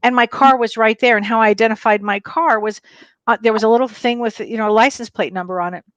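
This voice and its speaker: A middle-aged woman co-hosting a talk show, telling a personal story in a lively, animated way. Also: fairly high pitch, quick pace, no room sound, highs cut off. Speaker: co-host. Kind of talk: casual chat, personal storytelling.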